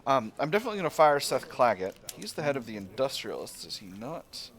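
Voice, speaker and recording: A man's voice: mid-range voice, sing-song, fairly quick, fairly bright tone. A man casually commentating his own strategy gameplay, thinking aloud with fillers and playful asides to himself. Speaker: strategy game let's player.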